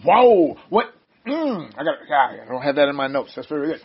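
An older man leading a casual Bible study, chatty and quick to laugh, often breaking off his own sentences. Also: fairly high pitch, sing-song. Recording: dull lo-fi sound.

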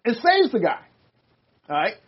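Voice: medium pitch, wildly swooping pitch, normal speed, highs cut off. An older speaker leading a casual Bible study discussion, rambling with many restarts and reading passages aloud.

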